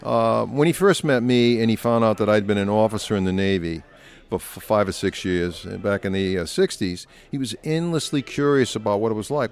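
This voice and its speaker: An older man, a biographer, answering interview questions in an anecdotal, relaxed way and now and then mimicking quoted voices. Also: lowish voice, brisk, clear, resonant tone. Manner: anecdotal, slips into quoted voices while telling stories.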